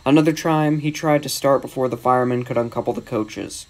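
A man narrating a children's storybook in a steady, measured reading. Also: mid-range voice.

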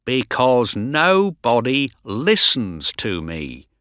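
A man reading an audiobook voices an angry, exasperated male scientist who shouts and complains. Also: fairly high pitch, huge pitch swings, drawn-out words, no echo, clean studio sound, voice pushed up, heavily acted. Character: gruff angry male scientist, short-tempered.

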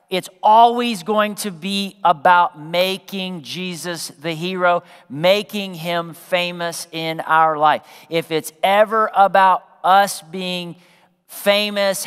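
A man preaching a sermon as pastor, talking conversationally to the congregation, throwing in asides and acting out quotes, sometimes dropping to a soft hush. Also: high voice, clear, resonant tone, big-room sound. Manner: drops to a soft, hushed voice for quoted prayerful words.

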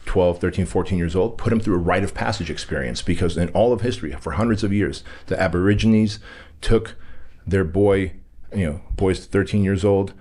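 Deep-voiced man telling a personal story. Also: moderate pace, a little mellow. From Armenia. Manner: candid, emphatic, acts out quoted dialogue. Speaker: podcast guest.

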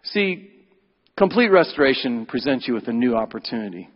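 A male pastor giving an Easter sermon, emphatic, swinging between loud, high rises and quiet, low drops. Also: big pitch swings, brisk, slightly rough, long reverb tail, dull audio. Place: church sanctuary.

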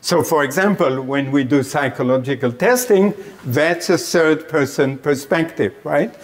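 Slow, deliberate male lecturer. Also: on the high side. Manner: deliberate, checks in with "Okay?", light chuckles. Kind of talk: academic lecture. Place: meditation center classroom.

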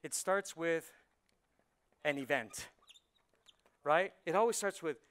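A man preaching a conversational sermon as pastor, swinging from soft asides to loud punchlines. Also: on the high side, slow, long pauses, clear, resonant tone. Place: church sanctuary.

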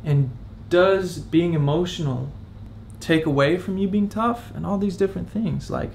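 A man's voice: high-pitched, normal speed, vocal fry, a little mellow, a little hiss or hum. A young man in his twenties opening up in a confessional vlog, candid and reflective, talking as if close to tears. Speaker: vlogger.

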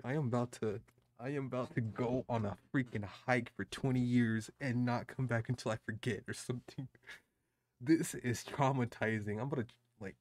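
A young man hosting a reaction video in a casual, animated way, with frequent outbursts and a lot of "dude". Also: mid-range voice, dry recording, studio quality. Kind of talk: excited casual reaction commentary.

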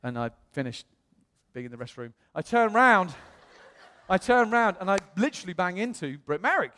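A man's voice: sits high, very animated, moderate pace, sharp tone, long reverb tail. A British man, a pastor, telling a story in a sermon and acting out the voices of the people he quotes. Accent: British English. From England. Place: church auditorium.

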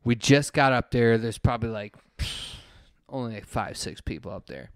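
A man co-hosting a casual podcast, telling loud, animated stories and acting out his friends' lines. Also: medium pitch, normal speed, clean tone, dry recording, studio quality. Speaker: podcast co-host. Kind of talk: casual storytelling chat.

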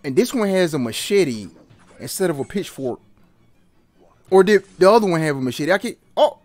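A man giving excited, trash-talking commentary while playing a fighting game, yelping and laughing often. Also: a little high, normal speed, no room sound, faint music behind. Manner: animated, yelps and laughs, trash-talks the opponent. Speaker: gaming channel host.

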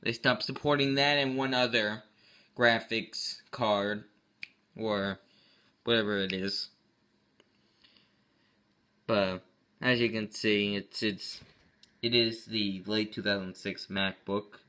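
A man's voice: on the low side, steady tone, slow pace, long pauses, bright, forceful tone. A man hosting his own tech channel, talking casually through a computer walkthrough with an offhand, rambling manner, often correcting himself mid-sentence.

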